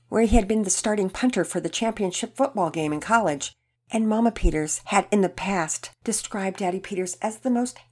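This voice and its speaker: A woman narrating a children's story in an expressive reading voice. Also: medium pitch.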